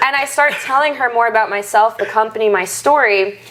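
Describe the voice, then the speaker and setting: A woman's voice: fairly high pitch, fairly quick, crowd noise. A young woman guest on a podcast, telling a heartfelt, emotional story in casual chat with lots of "like" fillers. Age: young adult. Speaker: guest, entrepreneur.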